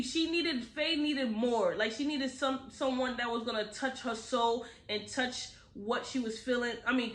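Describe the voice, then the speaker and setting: A woman's voice: on the high side, pushed and bright, reverberant. A young woman in a casual book review chat. She is chatty and candid, uses slang, drifts off topic and keeps checking in with "right?".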